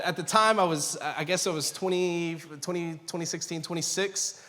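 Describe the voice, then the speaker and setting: A man's voice: high voice, moderate pace, sharp tone, slight background noise. A man in his thirties, a pastor preaching a sermon, telling a family story in a conversational way with self-mocking humor and acted-out quotes. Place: church sanctuary. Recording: long hall reverb.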